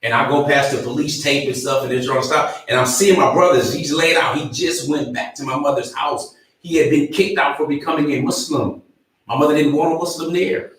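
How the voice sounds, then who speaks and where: A man's voice: fairly high pitch, fairly even intonation, brisk, fairly bright tone. A man working as a relationship coach, giving an earnest motivational livestream talk and telling personal stories. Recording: very echoey room, voice from far off the mic.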